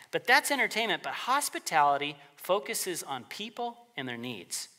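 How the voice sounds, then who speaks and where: A man's voice: on the high side, big pitch swings, moderate pace, sharp tone. A man preaching a sermon as pastor in a conversational way, often acting out the voices of the people he quotes.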